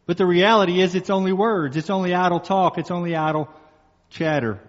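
The speaker is a pastor delivering a sermon, his voice slightly high and his intonation fairly even. Emphasis comes through slowed, repeated key phrases. A long echo follows each phrase in the apparent church hall, and the recording is slightly muffled.

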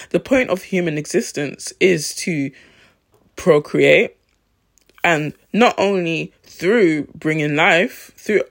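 A man giving a reflective talk on faith, thinking aloud with pauses and restarts. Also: fairly high pitch. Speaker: Christian vlogger.

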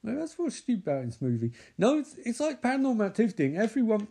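A man's voice: high voice, huge pitch swings, quick pace, few pauses, mellow, slightly rough. A man giving sarcastic running commentary on a movie he is watching, swearing and mocking the characters. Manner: sardonic, swears, mocks the characters in put-on voices.

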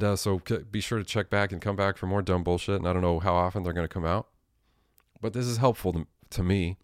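A man's voice: low voice, clean tone, dry recording, studio quality. A young man hosting his own casual solo show, rambling and self-mocking, with frequent fillers and casual swearing. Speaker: podcast host.

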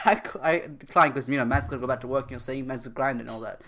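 A young man co-hosting a podcast, telling a story in a loose, animated way with frequent laughs and voiced-out phone callers. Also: mid-range voice, moderate pace, pauses often, slight background noise. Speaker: podcast co-host. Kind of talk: casual chat.

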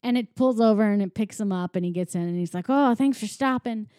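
A woman in casual chat, retelling a film in an animated way, acting out the lines and laughing often. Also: mid-range voice, fast, no room sound, clean studio sound. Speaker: co-host recapping a film.

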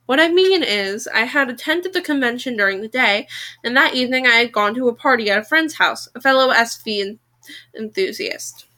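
A woman reading a novel aloud in a casual, self-correcting way. Her voice is bright and sits a little high, and she keeps catching and fixing her own stumbles. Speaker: podcast book reader.

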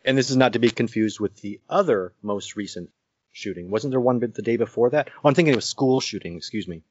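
A man chats casually on a podcast, catching and correcting his own slips. His voice is mid-pitched. The audio sounds dull and lo-fi. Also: quick pace, darkish tone, no room sound.

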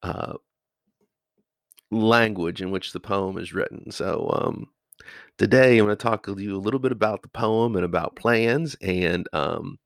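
Man, very low voice, raspy gravel, dry close sound, casual rambling podcast monologue. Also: no room sound. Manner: rambling, conversational, lots of pauses. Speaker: podcast host and high school English teacher.

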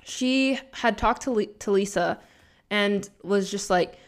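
A woman, a spiritual coach and tarot reader, telling a story in casual chat, animated and laughing, with many "like" fillers. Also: mid-range voice, slow pace.

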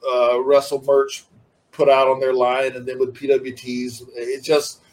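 A man's voice: mid-range voice, completely flat delivery, unhurried, a little mellow, poor audio. A middle-aged man talking casually as an interview guest, rambling and laid-back, with many restarts. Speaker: interview guest, former wrestler.

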